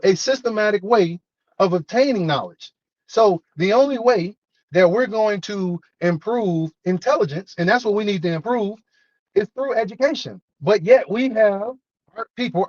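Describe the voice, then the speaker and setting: An army non-commissioned officer gives a motivational talk in an earnest, preachy way, often repeating his points. His voice sits high, with a dry, close sound. The recording is a little dull and muffled. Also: no room sound.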